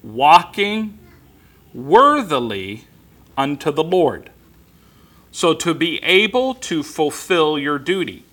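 A man preaching a sermon that explains scripture word by word, in a deliberate way with frequent ums and restarts. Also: on the high side, sing-song, a bit bright. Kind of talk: expository Bible teaching.

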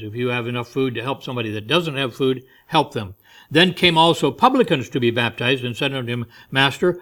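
A man's voice: mid-range voice, fairly bright tone. A man leads an informal Bible study, reading scripture aloud and unpacking it in plain terms. His delivery is conversational and easygoing, with chuckling asides between the verses. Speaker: Bible teacher.

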